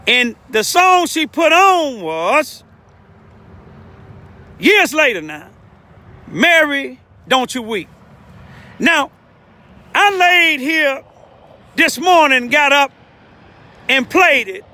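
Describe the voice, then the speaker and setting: High-pitched older preacher outdoors. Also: male voice, sharp tone. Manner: preachy, emotional, rambling with repeated asides. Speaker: lay preacher. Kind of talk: informal outdoor testimony. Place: outdoors in the cold, urban street.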